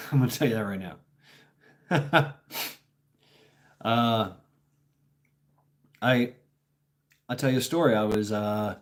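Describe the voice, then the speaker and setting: A man's voice: mid-range voice, slow, pauses often. A man from Tennessee hosting a casual livestream, telling stories in a rambling, blunt way with plenty of swearing and filler words. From Tennessee, USA. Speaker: livestream host.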